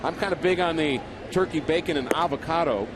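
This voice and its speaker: A man's voice: on the high side, a little fast, noisy background. A man calling a baseball game play by play from the broadcast booth, chatty and working sponsor reads in between the action. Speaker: play-by-play announcer. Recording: broadcast audio with clear crowd and ambience behind.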